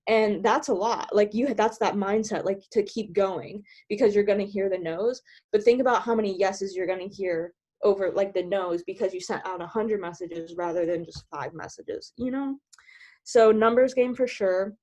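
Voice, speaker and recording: Bubbly fast-talking woman coaching on a call. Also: mid-range voice, dark tone. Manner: bubbly, giggly, filler-heavy with many "like"s; talks fast. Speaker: team trainer sharing sales tips. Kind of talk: casual coaching talk.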